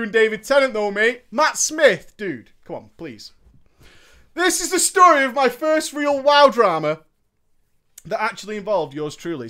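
A man with a high, bright voice that leaps all over the place reads viewers' gaming stories aloud. He stops to react with profane jokes and frequent laughter, keeping it loose and conversational. His pitch swings widely from line to line. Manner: animated and profane, laughing often. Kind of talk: casual storytelling chat.

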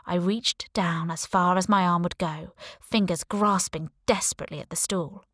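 Low-voiced woman narrating, wry and dry. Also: a bit bright, dry recording. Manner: wry, sarcastic storytelling. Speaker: audiobook narrator. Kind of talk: first-person scripted narration.

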